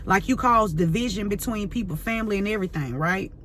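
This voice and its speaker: A woman's voice: medium pitch, fairly quick, fairly bright tone, slight background noise. A woman tarot reader ranting to camera, fiery and profane, full of slang and repeating herself as she vents. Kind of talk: heated unscripted rant to camera.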